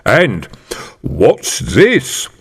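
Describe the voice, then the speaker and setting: A man reading an audiobook aloud, voicing a gruff, streetwise middle-aged police sergeant with dry, mock-official copper talk. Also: mid-range voice, wildly swooping pitch, very slow, exaggerated voice. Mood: mock-formal. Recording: reverberant room.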